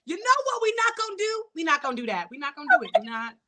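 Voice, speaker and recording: A woman comedian from New York, a guest chatting in a casual interview, playful and quick to laugh. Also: high voice, sing-song, sharp tone.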